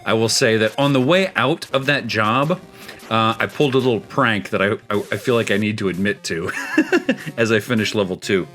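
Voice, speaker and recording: A man's voice: on the low side, normal speed, a bit bright, faint music behind. A man hosting a gaming show, telling a spooky story in a rambling, chuckling way with plenty of restarts. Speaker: show host.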